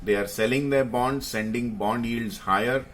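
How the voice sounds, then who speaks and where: A man's voice: mid-range voice, moderate pace, a bit bright, slight background noise. A man explaining investing to viewers, hesitating often with fillers and stressing key phrases. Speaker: market commentator.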